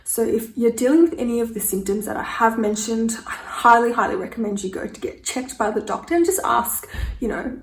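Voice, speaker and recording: A young woman speaks frankly and casually to her camera, leaning on "like" as she tells her story. Her voice sits a little high. The room around her rings with echo. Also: animated, brisk. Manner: chatty, frank, peppered with "like". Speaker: vlogger.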